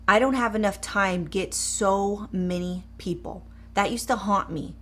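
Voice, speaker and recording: Woman, middle-aged, mindset coach, upbeat, encouraging, talks to viewers, medium pitch. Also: steady tone, a little slow. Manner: guides a short eyes-closed exercise in a softer voice. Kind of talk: live coaching demonstration.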